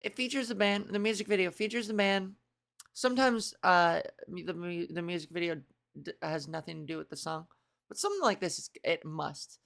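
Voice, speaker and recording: A woman's voice: lowish voice, fairly quick, creaky, a bit bright. A woman in a casual reaction commentary, chatty and self-mocking, swearing now and then while she reads aloud and reacts. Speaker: video creator.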